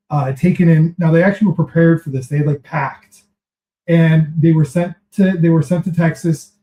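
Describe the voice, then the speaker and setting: A man on a podcast, setting up a news story in a measured, explanatory way with frequent fillers. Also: a little high, mellow. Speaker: podcast contributor. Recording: roomy, dull-sounding mic.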